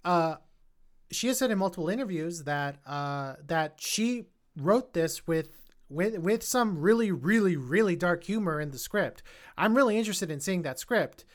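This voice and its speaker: A woman hosting a casual film podcast, talking animatedly and repeating words when she gets excited. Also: fairly low pitch, moderate pace. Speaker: podcast host.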